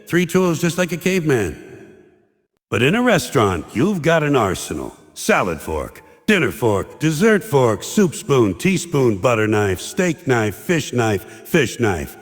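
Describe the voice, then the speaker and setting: A man's voice: mid-range voice, big pitch swings, measured pace, big-room sound, soft background music. A man performing a stand-up comedy monologue, ranting in a sarcastic, exasperated way and mocking others in put-on quotes.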